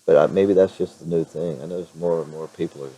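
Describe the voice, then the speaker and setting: A middle-aged man chatting in a casual vlog with a hoarse, raspy voice, rambling with many fillers and restarts. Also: deep voice, steady tone, fast talker, warm tone, muffled recording. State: clears throat now and then. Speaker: vlogger.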